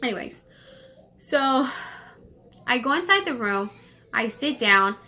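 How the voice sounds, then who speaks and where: Bright-voiced vlogging woman holding back tears. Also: on the high side, expressive. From Los Angeles, United States. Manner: rapid rambling with many fillers and restarts. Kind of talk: emotional personal storytelling.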